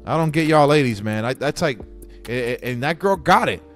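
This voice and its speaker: A man's voice: medium pitch, expressive, fairly quick, fairly bright tone, faint music behind. A young man hosting a podcast, telling a candid, profane story with many restarts. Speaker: podcast host. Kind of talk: casual storytelling monologue.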